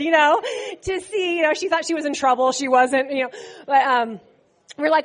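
A middle-aged woman preaching a sermon, telling the story in an animated way and acting out quotes with laughter. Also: high-pitched, moderate pace.

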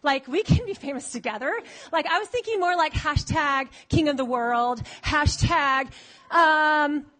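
A woman's voice: high voice, measured pace, pushed and bright. A woman preacher acting out an overeager male would-be disciple who gushes breathlessly and turns whiny when things disappoint him. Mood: gushing.

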